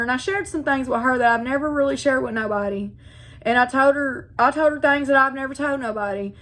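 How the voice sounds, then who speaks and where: A woman's voice: high-pitched, quick pace, fairly bright tone. A woman telling her personal faith story to viewers, earnest and heartfelt, often repeating phrases and speaking to them directly. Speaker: faith vlogger. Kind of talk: personal testimony, casual.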